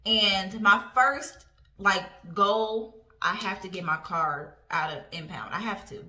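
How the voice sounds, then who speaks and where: A woman in her twenties telling a personal story in a casual vlog, animated and profane. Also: medium pitch, slow. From Indiana. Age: 20s. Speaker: storytime vlogger. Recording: roomy echo.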